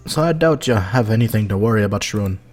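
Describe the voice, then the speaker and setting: A man's voice: fairly low pitch, expressive, quick pace, faint music behind. A man voicing a bossy schoolgirl who chairs a morals committee, in a prim, scolding manner.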